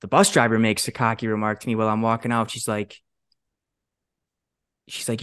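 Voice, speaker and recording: A young man in his twenties, co-hosting a podcast and telling a story in a casual, animated way, swearing often and acting out what others said. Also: fairly low pitch, a little fast, clean tone, dry recording, clean studio sound. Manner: animated, swears a lot, acts out quotes. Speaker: podcast co-host.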